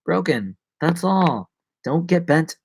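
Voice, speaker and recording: A man's voice: a little high, expressive, takes it slowly, vocal fry, husky. A man talking casually on a live stream, rambling and joking at himself with many restarts. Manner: rambling, self-mocking, many restarts and asides.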